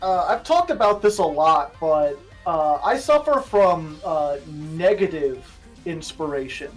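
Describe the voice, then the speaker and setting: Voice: mid-range voice, animated, unhurried, music in the background. A streamer being interviewed in casual chat, laid-back and joking, cursing freely. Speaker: streamer guest.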